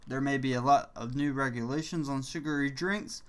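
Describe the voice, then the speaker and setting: A man hosting a casual live stream chat, teasing his friends with deadpan jokes. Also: medium pitch, moderate pace, few pauses.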